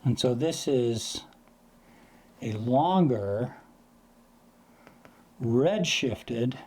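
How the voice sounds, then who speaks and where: A man's voice: medium pitch, expressive, drawn-out words, darkish tone, husky. Guy explaining telescope stuff in a loose chatty way, acts out sounds sometimes. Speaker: astrophotography educator. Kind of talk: casual explanatory lesson.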